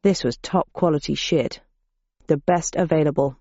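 A woman's voice: on the low side, moderate pace, warm tone, dry recording. A woman narrating an audiobook in first person, with dry, wry storytelling on a dull lo-fi recording.

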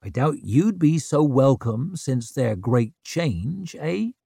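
A man's voice: mid-range voice, big pitch swings, takes it slowly, creaky, warm tone, husky, no room sound, studio quality, exaggerated voice. A man voicing a brash young woman chieftain who needles and teases in a cheeky, mocking way.

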